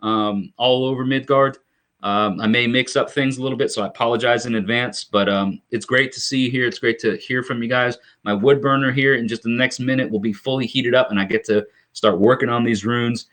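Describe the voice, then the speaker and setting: A man's voice: medium pitch, fairly even intonation, brisk, fairly bright tone. A man hosting a casual live stream from his home workshop. He chats with viewers, greets them by name and fills the gaps with lots of "um" and "uh". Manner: chatty, greets viewers by name, many fillers.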